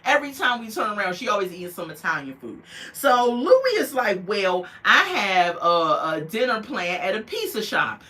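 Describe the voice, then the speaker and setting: A sassy woman talks through a reality show episode in a casual, chatty way. Her voice is bright and forceful, and she keeps switching into mocking voices to play each person she quotes. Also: medium pitch, huge pitch swings, measured pace, hardly any pauses. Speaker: reality TV recap host. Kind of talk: casual recap commentary.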